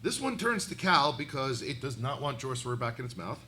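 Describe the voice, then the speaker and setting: A man's voice: medium pitch, sing-song, a little fast, sharp tone, slight background noise. A man narrating a live tabletop game as game master, often laughing and stumbling over his words as he narrates.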